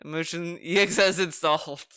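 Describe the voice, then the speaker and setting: A man's voice: a little high, steady tone, moderate pace, bright, forceful tone. A man streaming, commenting on clips in a mocking, sarcastic way. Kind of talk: casual commentary.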